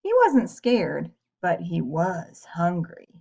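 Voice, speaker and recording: A woman reading a story aloud to children in a gentle way, pausing to ask her young listeners questions. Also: on the low side, lively intonation, vocal fry, breathy edge. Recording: dull lo-fi recording.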